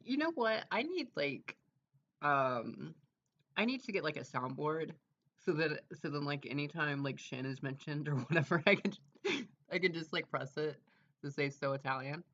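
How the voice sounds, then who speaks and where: Bright, rambling streamer. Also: mid-range voice, animated, normal speed, highs cut off. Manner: rambling, filler-heavy, trailing off. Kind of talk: casual livestream chat.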